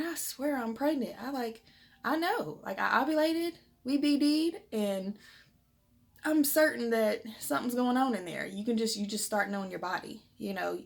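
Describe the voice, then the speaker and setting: A woman's voice: medium pitch, lively intonation, measured pace, vocal fry. Young woman, casual and frank, chatting to her viewers at home. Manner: chatty, frank, with many fillers. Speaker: vlogger sharing pregnancy test results. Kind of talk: casual chat to camera. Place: home, indoors.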